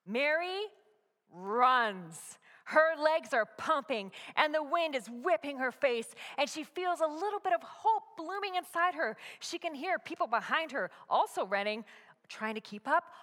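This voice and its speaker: A woman narrating a dramatic story, moving from hushed whispers to loud, urgent peaks. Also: high-pitched. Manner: expressive, swings from hushed whispers to loud climaxes. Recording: long hall reverb.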